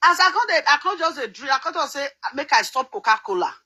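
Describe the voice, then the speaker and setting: Nigerian woman vlogger, middle-aged, high-pitched and chatty, laughs a lot. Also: very animated, quick pace, bright, forceful tone, rough recording. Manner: chatty, laughs often, sings snatches. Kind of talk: casual chat.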